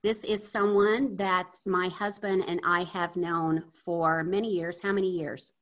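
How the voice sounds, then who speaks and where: A woman's voice: on the low side, fairly even intonation, a little slow, a bit bright. A woman hosting an interview podcast, welcoming and upbeat, now and then searching for the right word. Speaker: podcast host.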